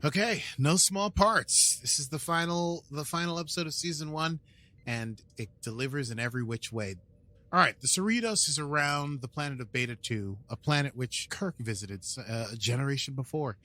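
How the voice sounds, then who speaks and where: A man's voice: medium pitch, normal speed, pushed and bright. A man co-hosting a podcast with an American accent, chatting and recapping an episode in a jokey, playful way, laughing often. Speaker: podcast co-host. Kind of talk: casual chat and episode recap.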